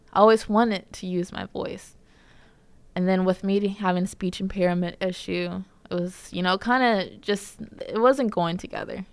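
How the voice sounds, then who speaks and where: A woman's voice: medium pitch, gravelly, smooth, no echo. A young woman from California telling a personal story in a casual, candid way, with many fillers. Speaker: podcast host.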